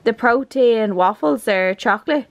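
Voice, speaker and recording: A woman with an Irish accent vlogging an unboxing at home, rambling and gushing with excitement. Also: fairly high pitch, unhurried, muffled recording. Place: her apartment.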